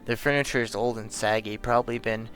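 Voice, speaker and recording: A man's voice: on the low side, fairly even intonation, fairly quick, a bit bright, close to an everyday voice. A man doing a snobby old lady guest. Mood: disdainful. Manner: haughty complaining.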